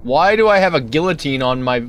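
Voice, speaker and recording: A man's voice: on the high side, expressive, brisk, fairly bright tone. A man giving casual commentary while playing a game, chatty and easily startled, wandering into rambling asides. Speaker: let's play gamer.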